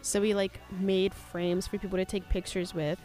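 A woman's voice: medium pitch, flat delivery, normal speed, mellow, soft background music. A young woman co-hosting casual chat, laid-back and full of fillers as she tells a story. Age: young adult. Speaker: co-host.

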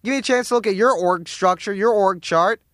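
A man with a fairly high voice hosts his radio show from the studio, ranting in a mock-serious, sarcastic way. He rambles, cuts himself off and restarts his sentences as he goes. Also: fairly quick, a bit bright, no room sound. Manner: sarcastic, rambling, self-interrupting. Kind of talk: comedic monologue rant.

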